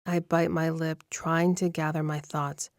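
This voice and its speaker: Low-voiced woman reading a romance audiobook. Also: level tone, a little slow, no room sound, clean studio sound. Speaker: audiobook narrator. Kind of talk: first-person romance audiobook narration.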